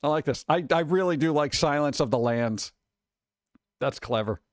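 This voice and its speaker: A man chatting casually on a stream, reading headlines and memes aloud and answering them with sarcastic, animated asides. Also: fairly high pitch, normal speed, dry recording, studio quality. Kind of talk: casual live-stream chat.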